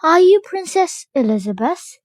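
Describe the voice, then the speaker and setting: A woman's voice: very high voice, sing-song, normal speed, no echo, voice pushed up. A woman voicing a poor, frightened young boy in a storybook, speaking meekly and hesitantly. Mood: timid. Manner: meek, hesitant, stammering.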